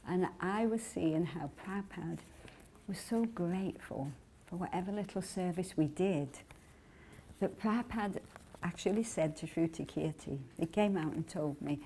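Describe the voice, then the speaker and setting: A woman's voice: fairly low pitch, normal speed, warm tone, slight background noise. A woman who is a devotee, telling a heartfelt personal memory in an interview and acting out the quotes in it.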